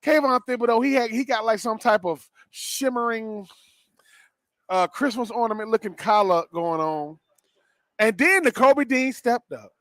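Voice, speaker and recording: Man, higher voice, dry close sound, animated slangy sports talk, repeats himself playfully. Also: a little slow, no echo. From Southern US. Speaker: co-host and former player.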